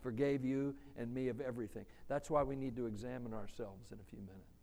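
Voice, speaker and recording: A male preacher giving a sermon in a church, slow and conversational, asking the congregation questions. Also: mid-range voice, steady tone, warm tone.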